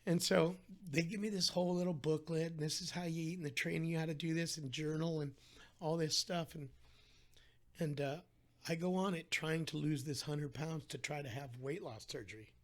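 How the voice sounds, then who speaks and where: Middle-aged male guest, raspy and slightly high, animated storyteller. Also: normal speed. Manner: animated storyteller, acts out quoted voices. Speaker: guest telling his weight-loss story. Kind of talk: casual storytelling interview.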